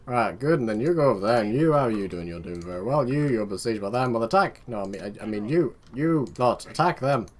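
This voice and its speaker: A young man hosting a gaming video gives casual let's-play commentary in an expressive mid-range voice, talking briskly with few pauses. He rambles, chats to his game units and mutters asides.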